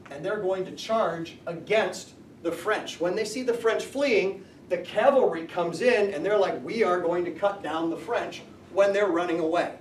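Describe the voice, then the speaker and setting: A man teaching a high school history class, explaining and asking the students questions. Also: slight background noise. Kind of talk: classroom lecture. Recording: echoey classroom from far off.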